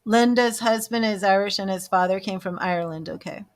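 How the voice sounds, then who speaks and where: A woman giving a live-stream psychic reading, chatty and self-amused, now and then dropping into soft murmured asides as she calls out names to her viewers. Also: medium pitch, brisk. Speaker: psychic medium reader.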